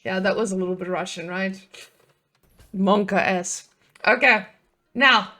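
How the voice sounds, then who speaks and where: A young woman giving casual live-stream commentary on a strategy game, excitable and chatty, swearing, laughing and talking to her chat. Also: medium pitch, a little slow.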